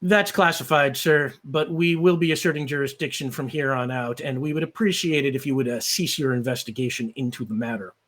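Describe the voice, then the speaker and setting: A man plays a brisk female federal agent who keeps everything clipped and businesslike. The voice stays close to his own, only a touch raised, in a tabletop game. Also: mid-range voice, fairly even intonation, fairly bright tone, close to an everyday voice. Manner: curt, businesslike.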